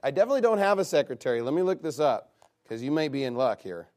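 A man leading a casual game with an audience. He reads a long list aloud and breaks it up with quick, teasing asides. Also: mid-range voice, big pitch swings, a little mellow. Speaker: game leader reading out his list to players.

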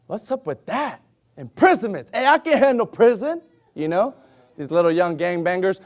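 Animated, high-pitched preaching man. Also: a little fast. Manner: exclamatory, acting out voices of others. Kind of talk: animated sermon with acted-out scenes.

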